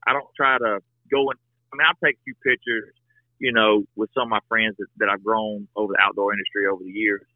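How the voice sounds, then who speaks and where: A man's voice: fairly low pitch, level tone, quick pace, no echo. Guy guesting on a podcast, folksy and earnest, sounds like a tinny phone line. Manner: earnest, folksy, talks in restarts. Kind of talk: casual storytelling conversation.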